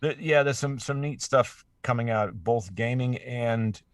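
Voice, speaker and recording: A man, a voice actor, talking as a guest in a casual interview, animated and stammering through restarts with laughing asides, from a studio microphone. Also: mid-range voice, unhurried, dry recording. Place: home studio.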